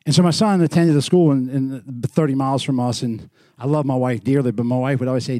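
A middle-aged man preaching a sermon in a church, moving from loud, lively storytelling to quiet, earnest lows. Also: fast, few pauses, dry recording, studio quality. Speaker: pastor.

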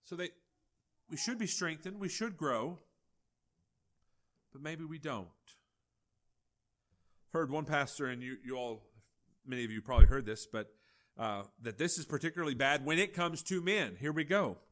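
A male pastor, preaching a folksy, animated sermon with acted-out dialogue. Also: a little high, normal speed, long pauses.

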